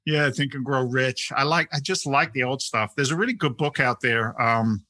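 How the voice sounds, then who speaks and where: A middle-aged man from England speaks with a London accent blended with American. His tone is bright and forceful, and he repeats words and restarts sentences as he talks. The sound is dry and close. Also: medium pitch, normal speed, dry recording. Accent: London English mixed with American. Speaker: real estate investment CEO, guest. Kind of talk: casual podcast interview.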